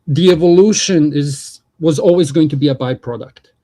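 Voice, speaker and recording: A man's voice: a little high, moderate pace, warm tone. A man hosting a livestream, talking politics in a casual, profane, rambling way.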